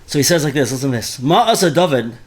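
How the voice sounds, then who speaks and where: A man's voice: mid-range voice, fast, a little hiss or hum. Man teaching a Torah class. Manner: animated, mixes Hebrew terms into speech, repeats words often.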